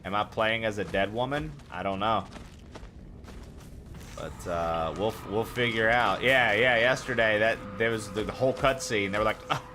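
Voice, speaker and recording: A man's voice: on the low side, moderate pace, sharp tone, a little hiss or hum. Laid-back, rambling male game streamer. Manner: laid-back, rambling, swears freely, chats with viewers. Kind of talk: casual gaming stream chat.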